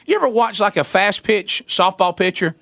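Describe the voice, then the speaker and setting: A man in a casual chat, telling a family story with lots of laughter and squeaky impressions of a toddler. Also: moderate pace, gravelly, dry recording. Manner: animated storyteller, high squeaky voices for a toddler, laughs often.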